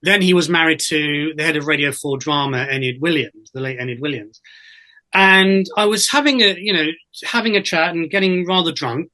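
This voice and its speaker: A man's voice sits a little high and sounds bright and forceful. He is a chatty storyteller in a relaxed interview, looping back through fillers and false starts as he goes. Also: normal speed. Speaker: guest, actor and voiceover artist. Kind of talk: casual interview anecdotes.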